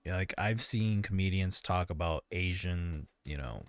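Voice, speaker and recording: A man's voice: sits low, a little slow, no room sound. A man hosting a livestream in casual chat, rambling and hesitant with frequent restarts. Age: adult parent. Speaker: livestream host.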